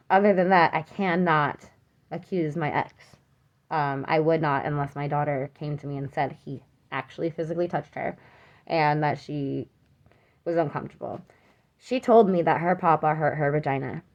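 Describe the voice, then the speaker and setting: Young adult woman, lower pitch, unscripted personal account, halting, earnest and troubled. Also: a little mellow, highs cut off. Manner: halting, with many fillers and restarts. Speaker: mother telling her own account.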